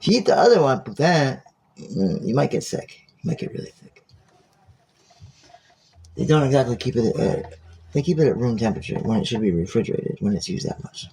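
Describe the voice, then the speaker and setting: A man's voice: mid-range voice, big pitch swings, fairly quick, long pauses, dark tone, slight background noise. A man talking in a casual, rambling monologue, joking, digressive and profane.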